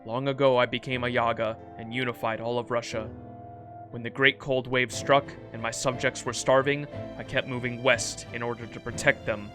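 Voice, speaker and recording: A proud, defiant ancient emperor broods over his fallen world in a grave, measured voice, as a man reads him out. The reading sits at an ordinary male pitch, with game music playing clearly underneath. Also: level tone, natural voice. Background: background music.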